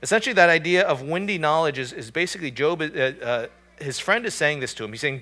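Bright-voiced man preaching a sermon. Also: fairly high pitch, animated, brisk. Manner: conversational, emphatic preaching with frequent restarts. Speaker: pastor.

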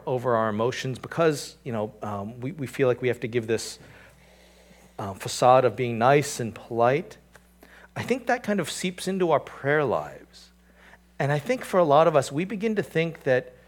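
A man preaching a sermon in a conversational way, with asides to the listeners, building to emphatic peaks and then dropping to a quiet, earnest tone. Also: a little high. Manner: conversational, with "you know" and "right?" asides. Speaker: pastor.

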